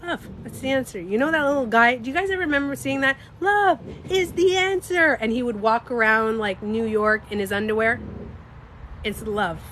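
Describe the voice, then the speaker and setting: A woman with a slightly stuffy nose, chatting casually on a livestream. She talks in an animated, emphatic way, swears freely and speaks to her viewers. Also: on the high side, normal speed, a little hiss or hum. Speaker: livestreamer and beauty coach.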